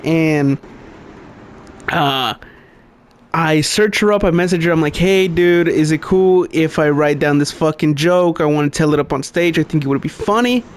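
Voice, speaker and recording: A man's voice: on the high side, normal speed. A young man co-hosting a podcast, telling a long story in casual chat, swearing constantly and laughing often. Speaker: podcast co-host.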